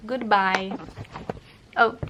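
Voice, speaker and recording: A young woman recording a casual book vlog in her bedroom, chatty and emotional, going from hushed to excited. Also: medium pitch, extremely slow. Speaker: book vlogger.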